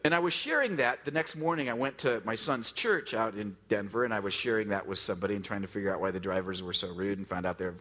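A man in his forties, from the US West Coast, preaching a sermon in a relaxed, joking, story-driven way, with lots of fillers and acted-out quotes. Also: lowish voice, quick pace, few pauses. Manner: conversational, jokey storytelling with many fillers; acts out quoted voices, drops to a hush for emphasis. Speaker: pastor.

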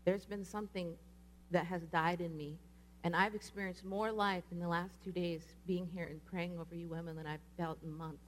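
Slight background noise sits behind a woman speaking at normal speed in a lowish voice. She preaches through an animated, casual story, giving each quoted person their own voice.

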